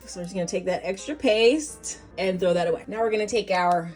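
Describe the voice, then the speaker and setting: A woman's voice: medium pitch, a little fast, a little mellow. A woman hosts a laid-back cooking vlog, talking through each step of a recipe. Her delivery is playful, with joking asides to the viewers, and faint music plays underneath. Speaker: cooking show host.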